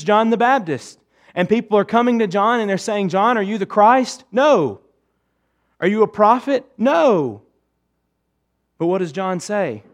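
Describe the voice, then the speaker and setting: A male pastor preaching a sermon to his church, emphatic, swinging between raised urgency and hushed intensity. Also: high-pitched.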